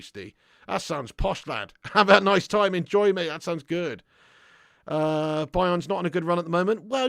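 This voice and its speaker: Gravelly, upbeat football streamer. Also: male voice, on the high side, no echo, studio quality. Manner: blunt banter, loud and upbeat when hyping. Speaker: football fan channel host. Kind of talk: casual live stream chat, reading out viewer comments.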